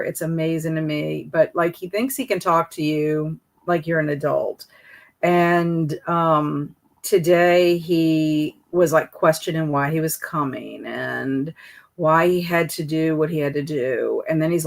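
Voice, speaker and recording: Woman, middle-aged, low-pitched, chatty livestream host telling teacher stories. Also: vocal fry. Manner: chatty, reads out viewer comments. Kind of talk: casual livestream chat.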